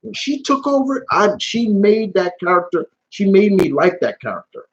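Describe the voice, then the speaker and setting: A man's voice: high voice, very animated, moderate pace, husky. A young man hosting a live Q&A stream in casual talk, blunt and heated, swearing often and restarting his sentences. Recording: dull lo-fi stream audio.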